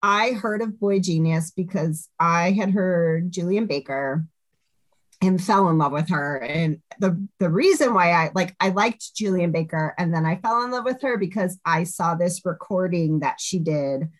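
A woman's voice: fairly low pitch, unhurried. A woman, a hardcore band singer, chatting casually as a podcast guest, laughing often and saying "like" a lot.

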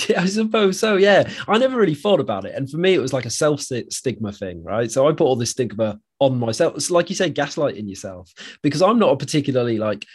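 A young man hosts a podcast in a soft, reflective way. He is self-deprecating and open about his feelings. His voice sits mid-range. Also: medium pitch, sing-song, a little fast, slightly rough. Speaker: podcast host. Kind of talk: reflective conversational chat.

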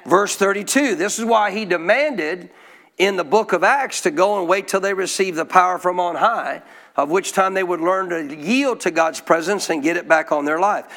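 A pastor preaching in church engages his congregation through call-and-response, posing questions and drawing their answers back. He has a high, fairly bright voice and a moderate pace.

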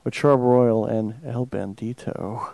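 An American man hosts a small radio show, chatting loosely and cursing freely as he jokes around. His voice sits in a middle register with a dark, mellow tone. The sound is dry and close. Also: medium pitch, fairly even intonation, takes it slowly, gravelly, no echo. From United States. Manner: loose, profane, joking. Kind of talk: casual radio chat.

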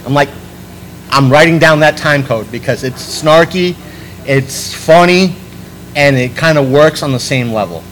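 Casting: talkative male podcaster, a touch high-pitched, faint rumble behind. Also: a little slow, fairly bright tone, poor audio. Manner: chatty, rambling with many restarts. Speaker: podcast host on a panel. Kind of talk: casual panel talk.

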